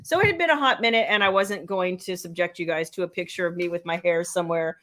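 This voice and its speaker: A middle-aged romance author hosts a casual live stream, chatting and rambling while answering viewer comments by name. Her voice is lowish and slightly bright, and she talks fast.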